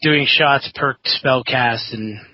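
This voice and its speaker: A man's voice: mid-range voice, slow pace, dry recording. Rambling man telling a story, lo-fi. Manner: rambling storyteller, acts out quoted voices. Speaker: podcast co-host, game master. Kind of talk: casual chat. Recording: dull lo-fi audio.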